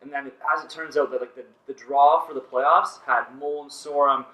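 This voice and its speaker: A man's voice: mid-range voice, fairly even intonation, moderate pace, bright, forceful tone, recorded from a distance. A man chats loosely as a podcast guest, leaning on fillers as he tells his stories. He sits a little back from the mic, and the room echoes around him. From Canada. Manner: laid-back, many "like" and "you know" fillers. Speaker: podcast guest, volleyball player. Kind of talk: casual storytelling. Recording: roomy, from off-mic.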